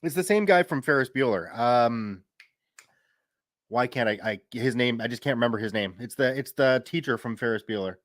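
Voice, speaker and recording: A man's voice: mid-range voice, normal speed, fairly bright tone, no echo, studio quality. A man in his thirties chatting casually on a live stream, reading viewer comments aloud and laughing easily. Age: 30s. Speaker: streamer and story reader.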